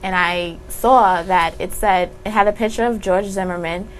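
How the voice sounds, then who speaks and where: A woman's voice: mid-range voice, steady tone, normal speed, a little hiss or hum, rough recording. A young woman, a college student guest on a talk show, telling her story in a heartfelt, emotional way. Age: young adult.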